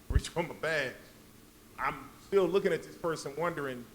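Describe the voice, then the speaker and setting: A man who is a police officer, explaining his view on a discussion panel in a measured way. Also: fairly high pitch. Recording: faint background noise.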